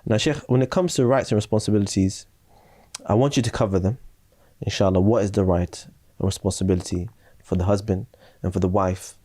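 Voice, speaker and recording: A man's voice: fairly low pitch, fairly even intonation, a little fast, mellow, no room sound, studio quality. A man hosting a religious podcast, asking questions and adding affirmations. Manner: conversational, interjecting affirmations. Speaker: podcast host. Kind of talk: podcast interview.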